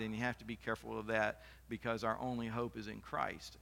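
A man's voice: medium pitch, bright, forceful tone. A man preaching a sermon as pastor, in a conversational style with off-the-cuff asides. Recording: long reverb of a hall.

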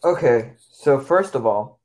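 A man's voice: mid-range voice, expressive, unhurried, darkish tone, low-quality recording. A man co-hosting a casual sports podcast who gives blunt, short replies and opinions. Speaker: podcast co-host.

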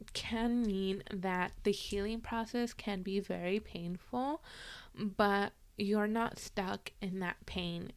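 Smooth-voiced woman, slow casual podcast chat. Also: mid-range voice. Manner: switches between English and Spanish, relaxed and personal. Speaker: podcast host.

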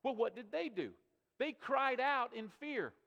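A man's voice: extremely high pitch, expressive, a little slow, vocal fry, sharp tone, muffled recording. A male pastor preaching a sermon, emphatic and repetitive, asking rhetorical questions of his congregation. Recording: long reverb of a large hall.

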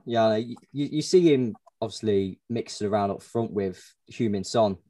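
A man's voice: lowish voice, normal speed, mellow, no echo. A man, co-hosting a casual podcast with brief interjections. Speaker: podcast co-host. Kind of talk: casual chat.

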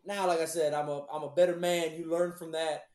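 A man with a fairly high voice trading crude jokes in a casual podcast. He talks in a loose, profane, animated way, and the room around him rings with echo. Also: a little fast. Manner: profane, joking, animated storytelling. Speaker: podcast co-host.

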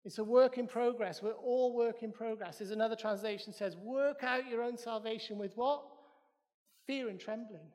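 A man's voice: very high-pitched, moderate pace, darkish tone, long reverb tail. A Welsh man preaching a sermon in a church, emphatic and repeating his phrases in threes.

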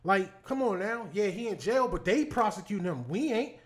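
High-voiced man arguing casually. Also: expressive, moderate pace. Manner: profane, argumentative, rhetorical questions. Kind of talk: casual chat.

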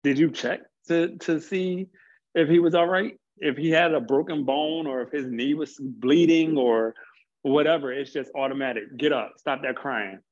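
A man's voice: a little high, darkish tone, highs cut off. A man speaking earnestly as an interview guest, reflecting at length and sometimes stumbling over his words. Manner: earnest, stumbles on words, builds points slowly. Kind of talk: reflective conversation.

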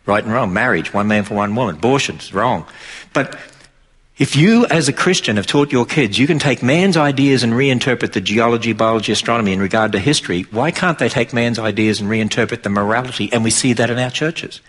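Husky-voiced man preaching emphatically. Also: mid-range voice, fairly quick, a bit bright. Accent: Australian. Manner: emphatic, rises sharply for mocking quotes. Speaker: Christian speaker. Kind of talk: preaching talk to an audience.

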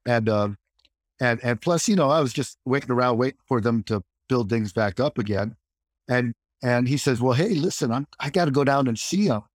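Brief: man, mid-range voice, animated storyteller who voices the people in his tale, recorded dry and close. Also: mid-range voice, normal speed, no room sound. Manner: lively storyteller who acts out quoted dialogue, many restarts. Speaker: actor and martial artist guest. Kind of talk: anecdotal interview storytelling.

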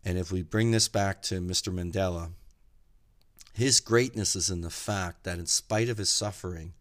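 A man giving an earnest, reflective podcast talk, measured and slowing down for emphasis as he tells stories. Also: deep voice, a bit bright. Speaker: podcast speaker.

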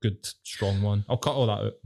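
A man's voice: lowish voice, brisk, vocal fry, a little mellow. A man with a Glaswegian accent co-hosting a podcast, blunt and sweary in casual chat with a friend. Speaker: podcast co-host.

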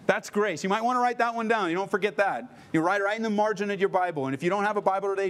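Animated, emphatic male pastor preaching. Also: high voice, fast talker, hardly any pauses, a little hiss or hum. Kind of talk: sermon.

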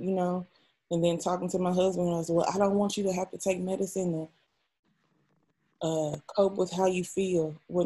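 A woman's voice: sits low, warm tone, breathy edge. A young adult woman, an interview guest, telling a personal story in a raw, emotional and frank way, often swearing.

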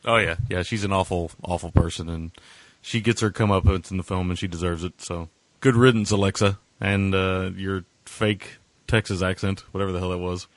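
Low-voiced man, dry sarcastic podcast chat. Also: fairly even intonation, moderate pace, no echo. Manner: sarcastic, rambling with many fillers. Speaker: podcast co-host. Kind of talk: casual movie review chat.

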